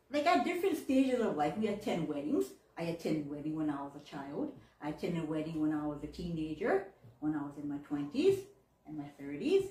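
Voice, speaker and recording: A woman's voice: on the low side, a little mellow. A woman, giving a chatty, heartfelt sermon with frequent laughs and Japanese phrases. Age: 40s. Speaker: minister. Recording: echoey room, mic far off.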